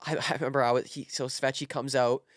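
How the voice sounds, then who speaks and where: A man's voice: mid-range voice, fast talker, no echo, studio quality. A young man telling a casual story with lots of fillers, acting out quotes. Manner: animated, filler-heavy, acts out quotes. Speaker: podcast guest, content creator.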